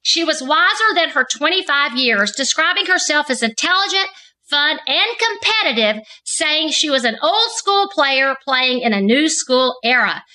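A woman with a high, bright voice reads a prepared introduction for a podcast guest. She lands each trait in the list with deliberate emphasis. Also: lively intonation, low-quality recording. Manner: measured, emphatic reading of lists of traits. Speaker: co-host. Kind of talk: scripted narrated introduction.

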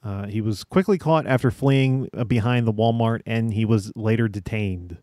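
A man's voice: fairly low pitch, normal speed, mellow, no room sound, studio quality. A man on a casual comedy podcast, reading out strange news items with frequent "uh"s. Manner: reads news items with filler "uh"s.

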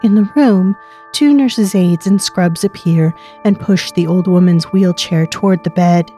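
Woman reading a story slow and mellow, low voice, soft music behind. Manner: slow and measured. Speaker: narrator. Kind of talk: scripted storytelling.

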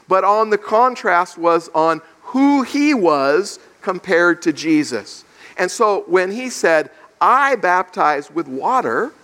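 A male pastor with a high, fairly bright voice gives an expository sermon, working through scripture verse by verse and acting out the characters' questions. The recording has the long reverb of a large hall.

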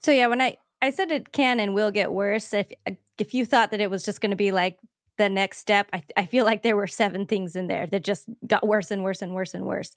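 Woman podcast host, medium pitch, thoughtful commentary, dry close mic. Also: fairly even intonation, a little fast, dry recording.

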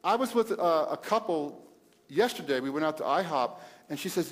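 A middle-aged man with a fairly high voice talks about marriage in a loose, animated way, quoting scripture and breaking into loud bursts and laughs. His voice trails off into a long reverb. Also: moderate pace. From Italian heritage. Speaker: pastor and host. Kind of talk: casual marriage talk with scripture.

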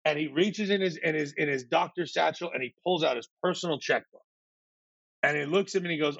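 Man, podcast guest, gravelly voice, animated storytelling, acts out others' lines, repeats words when excited, dry muffled sound. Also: fairly high pitch, quick pace, no room sound. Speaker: podcast guest, startup founder.

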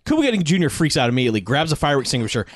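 A man's voice: on the high side, big pitch swings, racing, dry recording. A man co-hosting a casual podcast, recapping a movie with swearing and acted-out quotes. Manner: profane, laughing, acts out quotes. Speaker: podcast co-host.

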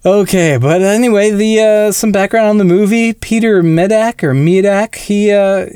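This film podcast co-host has a high, mellow, smooth voice and speaks at a moderate pace, casually explaining films and laughing occasionally. The audio is studio quality with no room sound.

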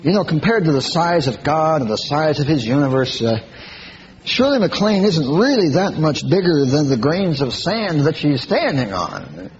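A man preaching a sermon in an animated way, breaking into mocking high-pitched impressions. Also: normal speed. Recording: slightly dull lo-fi recording with faint hiss.

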